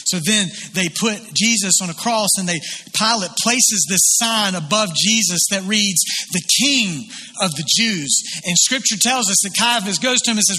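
A man's voice: high voice, moderate pace, pushed and bright. A man preaching a sermon, retelling a biblical scene and voicing its people as he goes. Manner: storytelling with voiced quotes of biblical figures. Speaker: pastor.

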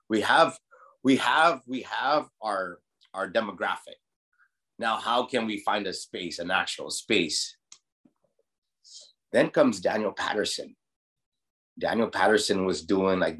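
A man from Guam with a slightly low voice tells stories in a laid-back interview. His speech is loose and profane, and he fills it with "like" and "you know." He sounds like a restaurant owner talking shop. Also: measured pace, a bit bright. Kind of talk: casual storytelling interview.

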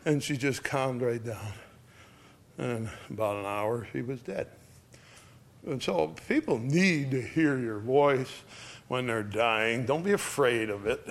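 An older man speaking plainly and gently, telling stories about death and dying with many pauses. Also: medium pitch. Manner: folksy, plain-spoken, gentle with frequent pauses. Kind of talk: casual storytelling talk.

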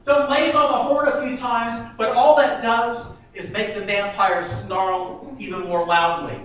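A man's voice: extremely high pitch, steady tone, unhurried, hardly any pauses, fairly bright tone, a little hiss or hum. A male preacher telling jokes as a sermon, chuckling at his own stories, recorded far from the mic in a large echoey hall.

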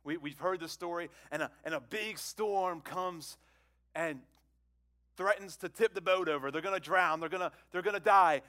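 A man preaching a sermon to a congregation, conversational and repetitive, asking them questions and swinging between loud exclamations and hushed phrases. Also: high voice, moderate pace. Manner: conversational, repeats words, asks the congregation questions. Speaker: pastor.

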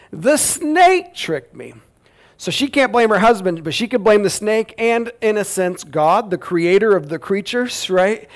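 A man preaching a sermon in a casual, joking, conversational way, talking with his audience. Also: high voice. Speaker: pastor.

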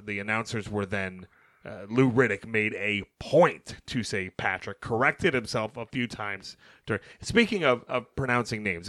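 A young man co-hosting a sports podcast, animated and talking over his co-host as he recaps games. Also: fairly low pitch, no echo. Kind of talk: casual sports chat.

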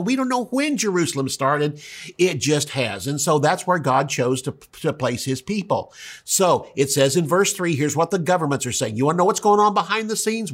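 A middle-aged man preaching a sermon as pastor, with emphatic delivery that jumps high when he acts out quotes. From United States.

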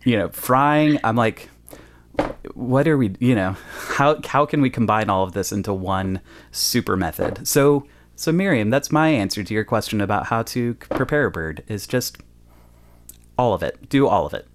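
A man's voice: fairly low pitch, expressive, normal speed. A man hosting a podcast, chatting casually and joking around with silly asides. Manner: playful, jokey, breaks into silly voices and rhymes. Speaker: podcast host. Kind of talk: casual chat.

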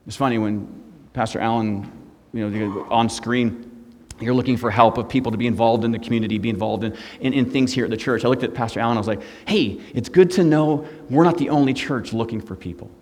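A middle-aged man, a guest pastor, preaching a sermon with humor, moving between hushed and loud. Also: medium pitch, brisk, in a large hall, a little hiss or hum. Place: church sanctuary.

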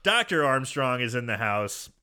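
A man co-hosting a casual chat, retelling a film scene with animated storytelling, acting out the characters' lines. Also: medium pitch, moderate pace, clean tone. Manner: animated storytelling, acting out quoted lines, frequent laughs and swearing. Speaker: podcast co-host recapping a film.

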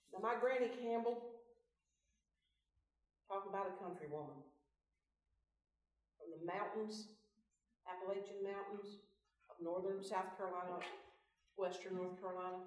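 A woman giving a folksy devotional talk, asking her group questions, recorded in a meeting room away from the mic. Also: mid-range voice. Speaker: Bible study speaker. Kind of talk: devotional teaching. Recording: roomy, from far off mic.

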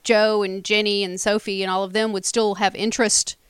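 A woman's voice: medium pitch, little pitch movement, fairly quick, clear, resonant tone, no room sound, studio quality. A woman in casual conversation, picking apart a TV plot with sarcastic remarks. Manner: analytical, sarcastic about plot holes. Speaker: podcast co-host recapping a TV show. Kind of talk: casual chat.

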